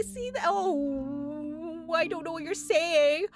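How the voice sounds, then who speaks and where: Young female streamer, excitable and high-pitched, game music faint under her. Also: slow. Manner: excitable, shrieking reactions, mumbling while puzzling. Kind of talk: let's play commentary.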